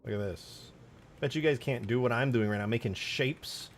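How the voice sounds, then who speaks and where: A young man live-streaming his game modding, chatting casually with viewers and breaking into loud, goofy shouts. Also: medium pitch, moderate pace, slight background noise. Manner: excitable, jumps to loud shouts and goofy banter. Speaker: livestreaming game modder.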